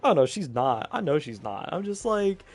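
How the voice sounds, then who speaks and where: A man's voice: on the high side, sing-song, moderate pace, soft background music. A young man telling a story in casual chat, swearing a lot and laughing often between lines.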